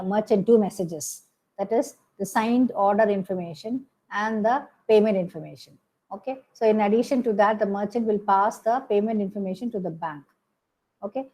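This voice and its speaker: A woman's voice: mid-range voice, dark tone, rough recording. A woman giving a recorded lecture, explaining step by step with frequent "okay" and "hmm" fillers and self-corrections.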